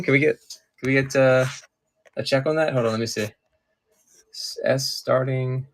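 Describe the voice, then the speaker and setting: A man's voice: mid-range voice, steady tone, normal speed. A man from Maryland running a live-stream collectibles auction, chatting casually with viewers while he sorts through items.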